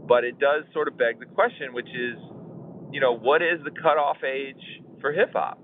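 A man's voice: mid-range voice, normal speed. A man in his forties hosting a podcast, chatting casually and rambling with fillers and chuckles. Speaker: podcast host. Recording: tinny phone line, faint noise.

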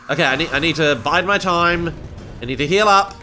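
Excitable man with a bright voice. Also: fairly high pitch, brisk. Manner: excitable, talks to himself. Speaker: gameplay streamer. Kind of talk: casual gameplay commentary. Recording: game music behind.

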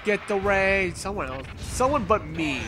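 A man giving excitable, playful gameplay commentary, yelling and teasing as he plays. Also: high voice, a little slow. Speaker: let's play commentator.

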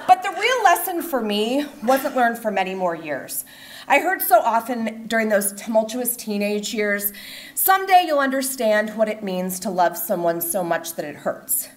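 A middle-aged woman reading her own personal essay on stage with expressive comic timing. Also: mid-range voice. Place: event stage before an audience.

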